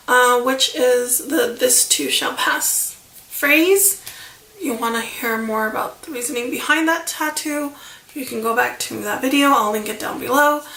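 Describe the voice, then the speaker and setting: Chatty woman with a bright, gravelly voice. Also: on the high side, roomy sound. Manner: rambling, chatty, many fillers and asides. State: emotional, near tears. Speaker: vlogger. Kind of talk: casual storytime chat.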